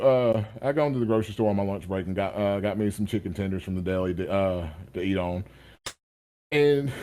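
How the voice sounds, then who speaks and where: Young man, podcast guest, rambling stop-start storytelling, laughs through his stories, mid-pitched voice. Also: darkish tone. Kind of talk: casual storytelling.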